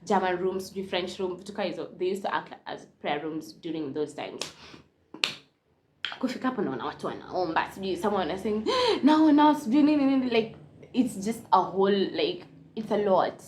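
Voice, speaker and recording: A young Kenyan woman telling a casual storytime, switching between Swahili and English, animated and laughing often. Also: lowish voice, moderate pace, slight background noise. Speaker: vlogger.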